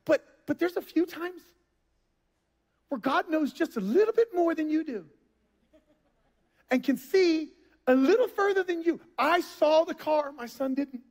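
A man in his thirties delivers a sermon in a high, bright voice. He moves between easy storytelling and forceful emphasis. His words echo with the long reverb of a large church auditorium. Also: animated, unhurried, pauses often. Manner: storytelling, conversational with bursts of emphasis. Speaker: pastor.

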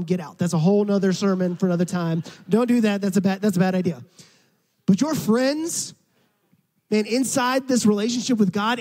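A man's voice: high voice, darkish tone, in a large hall, low-quality recording. A man preaching a sermon in a church, emphatic and conversational, talking straight to the congregation. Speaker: pastor.

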